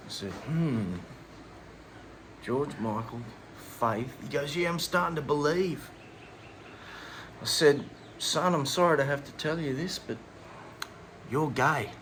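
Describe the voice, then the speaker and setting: A man's voice: on the high side, takes it slowly, pauses often, a bit bright, slight background noise. A middle-aged Australian man co-hosting a podcast, telling a long comic story with crude slang and laughter. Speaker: podcast co-host. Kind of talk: casual comedic storytelling.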